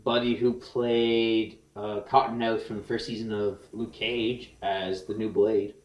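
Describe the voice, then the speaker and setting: A man's voice: fairly low pitch, level tone. Rambling young man in an echoey room. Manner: rambling, restarts often, quick bursts then slow. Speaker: podcast co-host. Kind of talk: casual chat. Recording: roomy echo.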